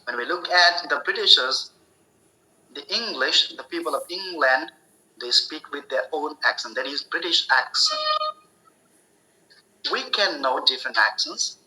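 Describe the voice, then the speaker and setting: Slow, bright-voiced man teaching English. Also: fairly high pitch, very animated, rough recording. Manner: slow, deliberate explaining with repetitions and restarts. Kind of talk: spoken English lesson.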